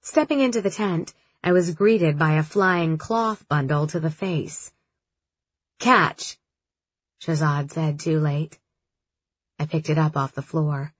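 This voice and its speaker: A woman giving first-person audiobook narration in a measured, steady way. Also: low voice, slightly rough, dry recording, dull audio.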